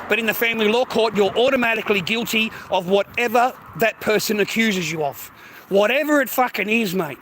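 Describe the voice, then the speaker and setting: A man's voice: sits high, background noise. A man with an Australian accent ranting in a casual, heated, profanity-filled monologue. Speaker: streamer.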